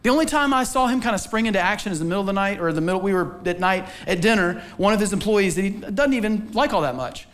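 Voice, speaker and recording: A man delivers a sermon from a church stage in a high voice. He tells his story in an animated way, jumping up in pitch to act out what people said. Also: fast, few pauses. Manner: animated storytelling, acts out quotes with sudden pitch jumps. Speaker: pastor.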